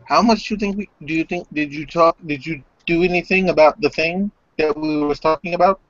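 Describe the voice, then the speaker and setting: A man voicing an old undead male vampire, a creepy foreign gentleman, speaking in a theatrical, sardonic way with broken grammar in a tabletop role-play. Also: a little high, a little fast, no room sound, lightly acted. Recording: dull lo-fi recording.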